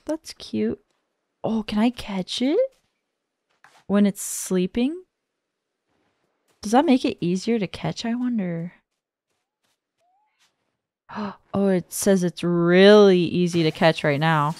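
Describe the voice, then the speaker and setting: A woman's voice: mid-range voice, no room sound. A woman giving gameplay commentary, talking to herself and gasping and exclaiming at what happens on screen. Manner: talks to herself, gasps and exclaims at the game. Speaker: gaming streamer. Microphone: dynamic studio microphone.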